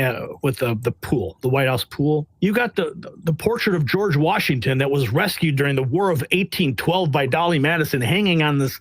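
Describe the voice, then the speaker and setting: A man with a somewhat high voice tells his stories bluntly and with animation, slipping into quick impressions of the people he meets. The sound is dry and close, with no room around it. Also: no echo. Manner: blunt, animated, acts out quotes. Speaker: White House press correspondent. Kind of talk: casual interview storytelling.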